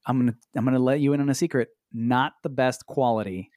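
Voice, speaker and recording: A man on a podcast telling a story in an exasperated, animated way, swearing freely and swinging up into high pitch. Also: fast, no room sound, studio quality. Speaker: podcast co-host. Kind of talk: casual storytelling chat. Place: Los Angeles.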